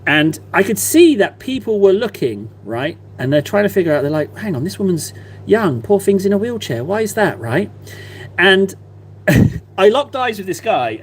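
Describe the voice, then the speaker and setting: Male streamer, thirties, higher-leaning voice, loose self-mocking chatter, faint hum on the track. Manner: rambling, chatty, self-deprecating. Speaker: live-stream painter. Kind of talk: casual live-stream chat.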